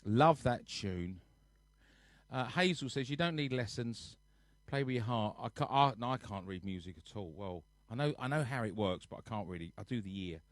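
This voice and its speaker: A man's voice: fairly low pitch, animated, normal speed, no echo. Chatty man on a home live stream. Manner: rambling, chatty, reads viewer comments aloud. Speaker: live-stream host and musician. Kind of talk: casual chat to a live online audience. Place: home, sitting on a sofa.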